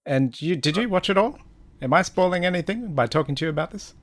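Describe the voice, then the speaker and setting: A man from Queensland with an Australian accent, co-hosting a casual live stream, chatty and quick to laugh. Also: sits high, lively intonation, no room sound. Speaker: podcast co-host. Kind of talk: casual chat.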